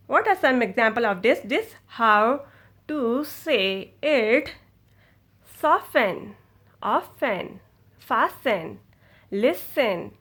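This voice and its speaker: Slow, careful woman teacher. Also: on the high side, a bit bright. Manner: slow, deliberate, repeats each word for students. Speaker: English teacher. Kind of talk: pronunciation lesson.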